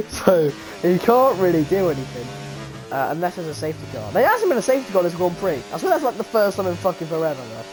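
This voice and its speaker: A man giving live race commentary, excitable and jokey, swearing and tossing in slang as he banters with his co-commentator. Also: sits high, brisk, over music, poor audio. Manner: excitable, sweary, jokey, keeps tagging "bruv". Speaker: sim racing commentator.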